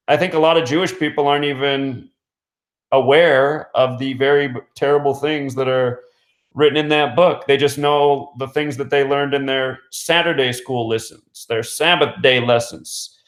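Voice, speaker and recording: Rambling man in an echoey room. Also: mid-range voice. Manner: rambling, frequent fillers and restarts, chuckles. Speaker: radio host. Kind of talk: casual storytelling monologue. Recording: roomy echo.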